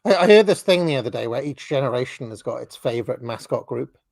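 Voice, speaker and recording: A man in his forties hosts a relaxed chat over a video call, dry and wry, often chuckling and restarting his sentences. His voice sits mid-range and the sound is close and dead, with no room around it. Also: medium pitch, fast talker, gravelly, no room sound, faint music behind. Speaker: host. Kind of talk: casual chat commenting on videos.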